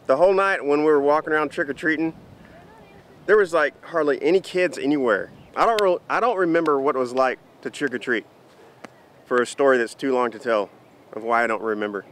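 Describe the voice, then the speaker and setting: Chatty higher-voiced man vlogging. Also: fairly quick, slight background noise. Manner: animated, chatty storyteller. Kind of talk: casual storytelling vlog.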